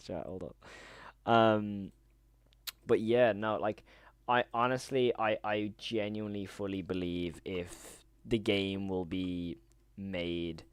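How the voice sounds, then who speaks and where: Excitable streamer man, chatty and slangy. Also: fairly low pitch, smooth, dry recording, studio quality. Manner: excitable, rambling, slangy, bursts of laughter. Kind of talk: casual live-stream chat.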